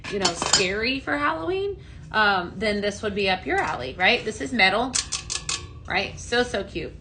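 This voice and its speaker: A woman with a high-leaning voice chats with viewers and answers their comments during a live sales demo stream, using frequent ums. The room is echoey, and the background is noisy.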